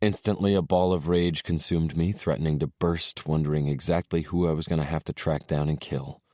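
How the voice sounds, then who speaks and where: A man narrating an audiobook in a soft, subdued way, dropping his voice low for tender moments. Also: fairly even intonation, fairly quick, no room sound, studio quality.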